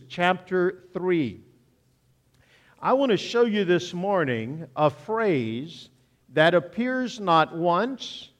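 A man's voice: high voice, long reverb tail. Older man preaching with a folksy humor. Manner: folksy, joking storyteller. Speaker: guest preacher. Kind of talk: sermon. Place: church sanctuary.

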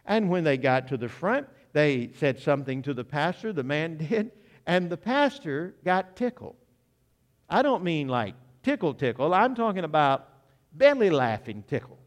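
A humorous preacher in a reverberant church. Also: male voice, a little high, moderate pace. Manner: animated, humorous storyteller, direct appeals to listeners. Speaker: visiting preacher. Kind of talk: sermon with storytelling. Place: church sanctuary. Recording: long reverb of a church hall.

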